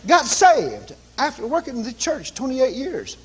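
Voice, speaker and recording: A man preaching, telling a story with animated, commanding calls. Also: extremely high pitch, a little slow, hardly any pauses, husky. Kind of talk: sermon storytelling.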